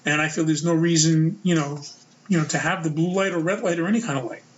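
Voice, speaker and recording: A man with a slightly high-pitched voice hosts his own podcast, sharing opinions in a loose, rambling way. He leans on filler words as he thinks aloud. The recording sounds dull and lo-fi. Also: fairly even intonation, fast talker. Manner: casual, rambling, lots of "you know" fillers. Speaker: podcast host.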